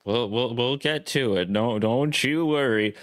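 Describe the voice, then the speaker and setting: A man's voice: mid-range voice, a little slow. A man from New York with a New York accent, co-hosting a podcast, easygoing in casual chat and reading out viewer comments. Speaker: podcast co-host.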